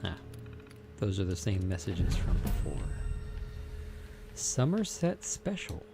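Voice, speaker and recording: A man's voice: low-pitched, fairly even intonation, moderate pace, gravelly. A man giving casual, chatty commentary while playing a video game and reading out menus as he goes. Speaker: let's play host. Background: game music.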